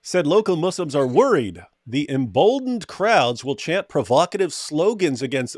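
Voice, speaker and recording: Sarcastic man reading aloud, slightly high voice. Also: sing-song, unhurried, hardly any pauses, dry recording. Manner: mocking, reads quotes aloud then interjects. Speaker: co-host reading and commenting on a news article. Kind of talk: sarcastic commentary.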